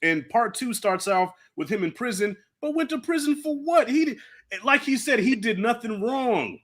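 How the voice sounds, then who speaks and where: A man hosting a casual movie review, animated and profane, acting out lines from the film. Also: very high voice, normal speed. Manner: animated, swears freely, acts out lines from the film. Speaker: channel host.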